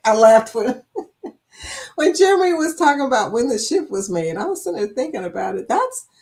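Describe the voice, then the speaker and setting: A middle-aged woman from Kentucky chats loosely on her livestream, reading viewer comments aloud and reacting to each one. She rambles from topic to topic and laughs easily, in an unhurried, conversational way. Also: fairly high pitch, very animated, darkish tone. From Kentucky, USA. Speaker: livestream host.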